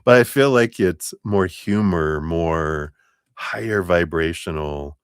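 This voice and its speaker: A man's voice: low voice, slow pace, clean tone, dry recording, studio quality. A man doing a live tarot reading, musing and easygoing, with many fillers and restarts. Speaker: tarot reader.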